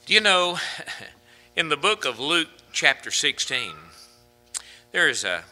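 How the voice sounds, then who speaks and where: A man's voice: fairly high pitch, very animated, slow, sharp tone. A man preaching a sermon from the pulpit, rising to fervent, emphatic peaks as he drives his points home. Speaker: pastor.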